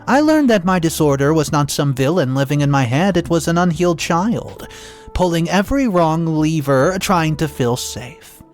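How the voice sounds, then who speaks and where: A man narrating a first-person story in an expressive, dramatic reading with occasional restarts. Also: on the high side.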